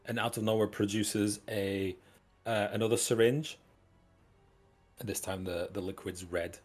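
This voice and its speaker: A man running a tabletop game as game master, narrating in a casual, halting way with fillers. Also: lowish voice, steady tone, slightly rough, faint music behind.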